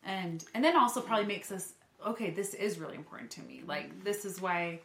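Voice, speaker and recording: A woman's voice: medium pitch, fairly quick, gravelly, slight background noise. A woman guest on a podcast, chiming in with affirming remarks in a casual chat. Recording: echoey room.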